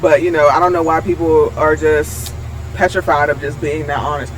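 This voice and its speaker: A man's voice: on the high side, steady tone, moderate pace, slight background noise, poor audio. Blunt, profane young man co-host. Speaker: podcast co-host. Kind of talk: casual podcast chat.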